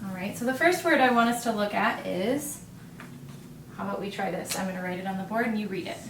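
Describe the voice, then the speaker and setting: A woman teaching a phonics lesson at a board, patient and encouraging, pausing for the learner's answers. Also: medium pitch. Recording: roomy echo, distant mic, faint hiss.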